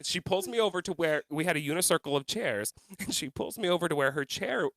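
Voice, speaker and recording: A man's voice: a little high, animated, a little fast, a bit bright, no echo. A man co-hosting a podcast, telling a funny story animatedly, laughing and swearing as he goes. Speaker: podcast co-host. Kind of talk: casual storytelling.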